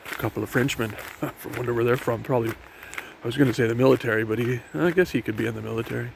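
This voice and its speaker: A man narrates a walk on an outdoor trail in a rambling, casual way, full of fillers and restarts. His voice is gravelly and mid-pitched. The recording is noisy, with wind and river sound behind him. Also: racing. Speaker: vlogger. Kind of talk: casual walking tour narration.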